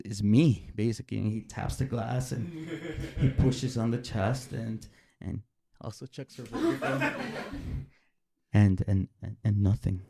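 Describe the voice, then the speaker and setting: A man telling a personal story live on stage, animated and emotional, often stammering and repeating his words. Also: on the low side, no room sound, studio quality.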